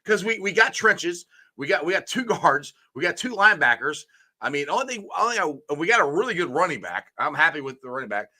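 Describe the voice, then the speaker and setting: On a casual sports talk show, this male host speaks with a bright, forceful edge at a fairly high pitch, his voice swinging widely up and down. He moves briskly yet rambles comfortably through his opinions, often letting sentences trail off.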